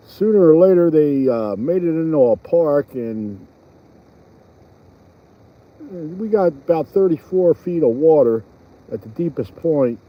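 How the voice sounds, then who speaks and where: Outdoors by a pond, a fishing vlogger chats casually in his vlog narration, rambling and using fillers. His voice is on the high side, and the recording sounds muffled.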